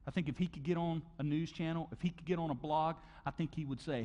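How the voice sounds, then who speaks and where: A middle-aged man preaches to his congregation in a chatty, direct way, often tossing in "okay?" and "man". His voice sits a little high for a man. The sound carries a long reverb from a big church hall. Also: steady tone, fast talker, hardly any pauses, mellow. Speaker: pastor. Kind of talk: sermon. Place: large church auditorium.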